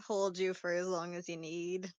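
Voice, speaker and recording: A woman narrating her character casually in a roleplay session, relaxed and filler-heavy. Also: lowish voice, moderate pace, clean tone, no room sound, lo-fi sound. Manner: relaxed, uses many fillers. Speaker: tabletop roleplay player.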